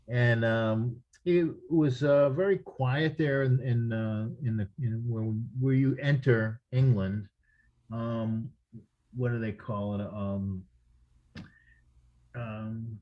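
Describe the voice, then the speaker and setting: A man's voice: mid-range voice, mellow, dull audio. A man, a drummer, telling anecdotes in a casual interview, rambling with frequent restarts and fillers.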